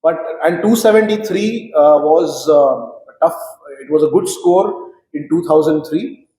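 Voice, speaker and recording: A man recalling old cricket matches in an animated, storytelling way, with frequent fillers. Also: on the high side, a little slow. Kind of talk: reminiscing conversation. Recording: roomy echo.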